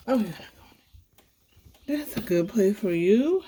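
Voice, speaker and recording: A woman's voice: mid-range voice, animated, takes it slowly, long pauses, dark tone, slight background noise. A woman filming on her phone from indoors by a window, cooing to a cat in sing-song baby talk. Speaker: pet video maker.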